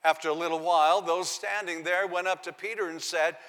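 A man's voice: high-pitched, fairly even intonation, fairly quick, hardly any pauses, a bit bright, big-room sound. A man preaching a sermon, reading scripture aloud and giving the quoted lines dramatic emphasis. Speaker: pastor.

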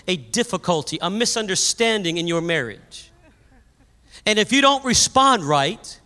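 A man preaching a sermon, telling a story with animated energy and raising his voice at the high points. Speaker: pastor. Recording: long hall reverb.

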